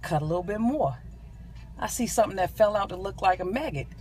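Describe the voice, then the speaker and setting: A woman's voice: mid-range voice, lively intonation, fast, a little mellow. A middle-aged woman from San Diego telling a comic, indignant story in a casual vlog, talking from inside her car. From San Diego, California. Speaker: vlogger. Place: in a car, driving.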